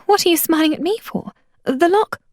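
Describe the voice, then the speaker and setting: A woman reading aloud, voicing a sharp, proud teenage girl who speaks in a higher, snappy voice. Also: normal speed, dry recording, studio quality. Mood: impatient.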